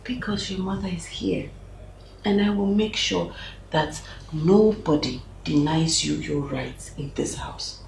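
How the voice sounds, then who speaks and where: A protective mother with a Nigerian accent and a low, gravelly voice. She speaks slowly and reassuringly in a roomy space, with faint background ambience. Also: a little hiss or hum. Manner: calm, reassuring. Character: steady protective mother reassuring her daughter.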